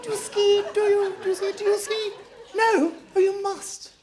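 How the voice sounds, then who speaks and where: A man voicing a pretentious upper-class man who keeps asking whether you ski, in a high, drawling posh voice. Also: flat delivery, normal speed, over a noisy crowd, very noisy. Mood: smug. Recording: comedy club with audience laughter.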